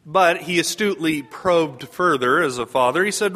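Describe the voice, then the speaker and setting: Bright-voiced man preaching a homily. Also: a little high, moderate pace. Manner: conversational preaching, asks the congregation questions. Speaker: priest.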